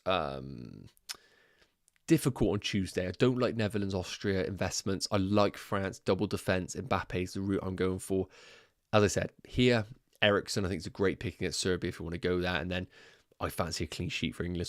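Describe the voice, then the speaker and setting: A man with a low voice hosts a casual livestream, thinking aloud and chatting to his viewers. The sound is dry and close, with no room echo. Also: a little fast. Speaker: fantasy football livestream host.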